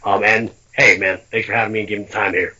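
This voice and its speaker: A man talking warmly as a podcast guest, pausing often with "um" and "uh". His voice comes through a muffled, lo-fi connection. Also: on the low side, flat delivery, breathy edge. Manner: friendly, hesitant fillers, promotional. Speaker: guest wrestler. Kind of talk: casual interview. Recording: dull lo-fi line.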